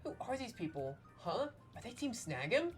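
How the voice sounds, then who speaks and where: A startled, curious young heroine from a video game, as a woman reads her lines aloud. The voice lifts higher than her plain talk, faint music behind. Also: very animated, normal speed. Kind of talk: reading game dialogue aloud.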